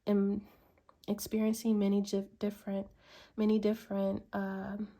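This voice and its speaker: A woman doing a tarot reading, musing slowly with many ums and likes. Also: mid-range voice, completely flat delivery, mellow. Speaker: tarot reader.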